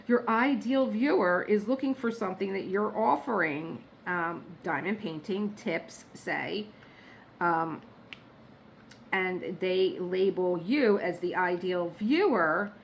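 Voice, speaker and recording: A woman vlogging from her home workspace, telling stories in a chatty, animated way and laughing at her own jokes. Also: fairly low pitch, slight background noise, poor audio. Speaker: diamond painting vlogger. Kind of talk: casual storytelling chat.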